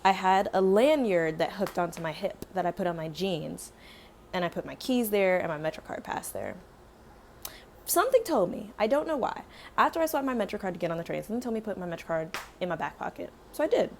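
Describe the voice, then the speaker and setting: A young woman vlogger chatting casually as she tells a story, acting out quotes with lively, dramatic flair. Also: fairly low pitch, fast talker, vocal fry, a little hiss or hum. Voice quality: animated, dramatic retelling with acted-out quotes.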